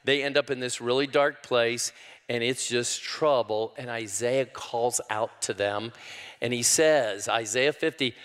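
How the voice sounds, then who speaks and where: An older man preaching a sermon, folksy and calling the crowd y'all, rising loudly when he quotes scripture. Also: medium pitch, measured pace, smooth. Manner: preaching with sudden loud rises to quoted scripture. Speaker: pastor. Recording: long hall reverb.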